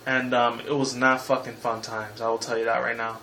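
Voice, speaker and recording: A man's voice: mid-range voice, flat delivery, fairly quick, bright, forceful tone, a little hiss or hum, low-quality recording. A man in his twenties hosting a casual game-review video, rambling and heated, with frequent swearing. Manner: casual sign-off slang. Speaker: gaming video host.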